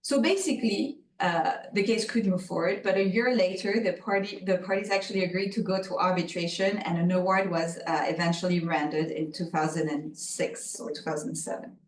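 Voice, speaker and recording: A woman's voice: fairly low pitch, steady tone, brisk, few pauses. A woman with a French accent giving a conference keynote as a lawyer. She speaks carefully, with many fillers and self-corrections. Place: lecture room. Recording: roomy echo, voice from far off.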